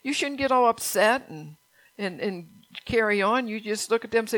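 A woman's voice: on the high side, lively intonation, moderate pace, a bit bright, dry recording, rough recording. A woman preaching a sermon in a folksy, earnest way, often laughing between points.

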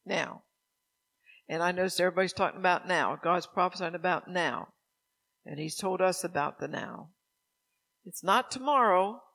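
With a high, gravelly voice and a sharp tone, an older preacher talks at normal speed, pausing often. His sermon is conversational, built on everyday stories, and he keeps asking the congregation questions.

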